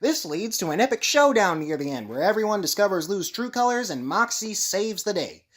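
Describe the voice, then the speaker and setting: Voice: medium pitch, a little fast. A performer voicing a dry, sarcastic male clay-animation figure who reviews movies. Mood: calm. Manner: deadpan, sarcastic.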